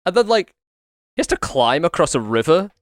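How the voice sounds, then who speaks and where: A man co-hosting a podcast in casual film chat, dropping wry, quick one-liners. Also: fairly high pitch, big pitch swings, no echo, clean studio sound. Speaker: podcast co-host.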